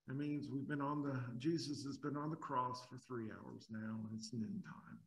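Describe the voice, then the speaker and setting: A man's voice: mid-range voice, steady tone, moderate pace, vocal fry, few pauses, rough recording. A man preaching an expository sermon, emphatic, asking rhetorical questions and often repeating words as he builds a point.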